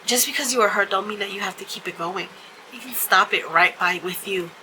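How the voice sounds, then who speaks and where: Woman host for a casual talk vlog, mid-pitched and very bright, loose and chatty delivery. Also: a little fast, slight background noise, low-quality recording. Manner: chatty storytelling with frequent fillers and laughs.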